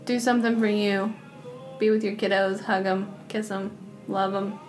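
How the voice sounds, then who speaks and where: A woman hosts a casual podcast chat, teasing her co-host with animated jabs and frequent laughter. Her voice sits in a mid range, with soft music faintly behind her. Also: mid-range voice, normal speed.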